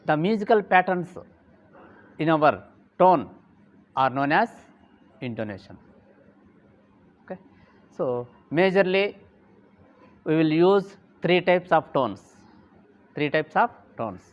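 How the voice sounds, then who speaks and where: A man giving a lesson, speaking deliberately, repeating key terms and saying "okay" often. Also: on the high side, lively intonation, muffled recording. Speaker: English teacher. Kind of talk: classroom lecture.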